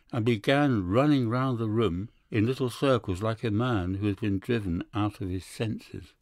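Male audiobook narrator, measured storyteller, lowish voice, dry close recording. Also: no echo. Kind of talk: scripted narration.

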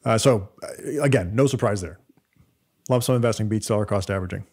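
The Canadian podcast co-host again breaks down data step by step, casual and full of fillers and restarts. His pitch is fairly low and his pace a little fast, with a darkish, slightly rough tone.

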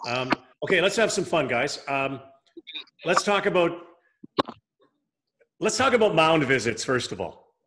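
A man's voice: a little high, very animated, unhurried, long pauses. A man hosting a video call interview, upbeat and prompting his guests. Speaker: host. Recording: noisy video call audio.

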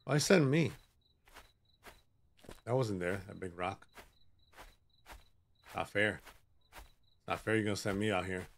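A man's voice: on the low side, expressive, takes it slowly, gravelly, pauses often, slight background noise. A man giving joking, sassy commentary while he plays a horror game, bantering with the characters on screen. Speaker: gaming channel host.

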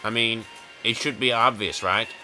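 A man rambles through a casual let's-play, joking with himself and chuckling as he goes. His voice is very bright and tense, sitting at a middling pitch. Soft game music plays faintly underneath. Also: steady tone, moderate pace. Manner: rambling, jokey, chuckles often. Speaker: gaming video host.

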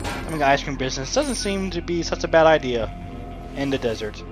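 A man's voice: a little high, expressive, brisk. Rambling man narrating his gameplay. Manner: rambling, chatty self-talk with frequent asides to the game. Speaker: let's play commentator. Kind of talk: casual gameplay commentary. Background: game music.

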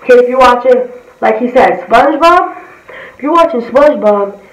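A woman's voice: a little high, animated, moderate pace. A woman giving a blunt, profane, heated reaction commentary as a vlogger. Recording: roomy, distant from the mic.

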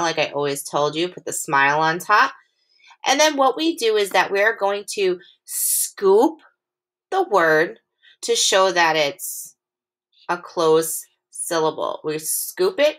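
A woman teaching a phonics lesson to young children, patient and encouraging, stretching her sounds out slowly and clearly. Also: deep voice, a bit bright.

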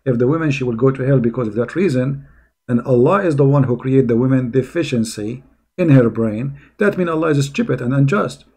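A man giving critical commentary on a played video clip, mocking and sarcastic, halting with many fillers. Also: mid-range voice, mellow, slightly rough. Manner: mocking and sarcastic, keeps calling the listener brother.

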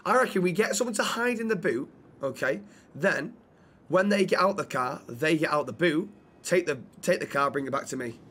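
A British man with a fairly high voice talks in character in a role-play game. He pitches ideas eagerly and trips over his words as he goes. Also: animated, normal speed, fairly bright tone, breathy edge.

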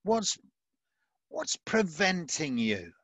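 Slow, measured male preacher. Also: fairly high pitch, very animated, a bit bright, dry recording. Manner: measured, emphatic, with light humour. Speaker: pastor. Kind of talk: sermon. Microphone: video call.

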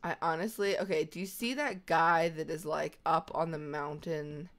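A young woman hosting a casual co-op game session, excitable and quick to panic. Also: deep voice. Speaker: gaming channel host. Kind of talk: casual co-op gameplay chat.

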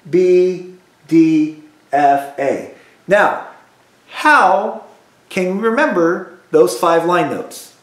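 Man, music teacher, high voice, slow and patient, echoey room. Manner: slow, patient, repeats drills for kids. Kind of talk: call-and-response music lesson.

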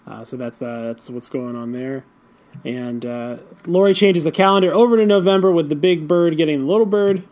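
A man's voice: a little high, brisk, a little mellow. A man co-hosting a podcast, casually recapping a comic chapter and acting out the characters' lines with frequent laughs. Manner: retells scenes by acting out lines, laughing often. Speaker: podcast co-host.

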